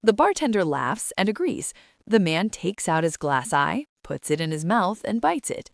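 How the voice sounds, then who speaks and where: Lively woman telling jokes. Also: fairly low pitch, moderate pace, creaky, no room sound, clean studio sound. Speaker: joke teller. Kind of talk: scripted joke narration.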